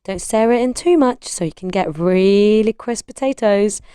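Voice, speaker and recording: A woman's voice: moderate pace, mellow, clean tone. A young woman from Palestine, hosting a casual vegan cooking video and telling stories with giggles. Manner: chatty, giggly, acts out relatives in high voices. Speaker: vegan cooking channel host. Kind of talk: casual cooking tutorial and storytelling.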